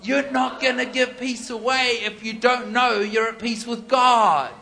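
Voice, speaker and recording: A male preacher with a very high, bright voice, preaching a sermon. He tells a story conversationally and leans hard on the key points. His delivery is emphatic and animated throughout. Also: measured pace. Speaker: pastor.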